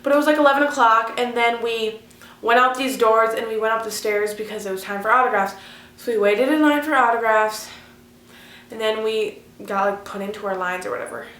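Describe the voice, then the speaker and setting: A woman's voice: on the high side, fairly quick, a bit bright, a little hiss or hum. A teenage girl telling a story in a casual vlog, gushing and chatty, saying "like" constantly. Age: teens. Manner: chatty, gushing, heavy use of "like". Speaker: vlogger. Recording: echoey room.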